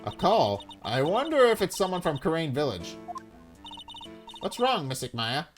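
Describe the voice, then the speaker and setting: A man's voice: a little high, huge pitch swings, moderate pace, soft background music. A man voicing a cheeky, playful teenage girl spirit medium in a game, perky and teasing.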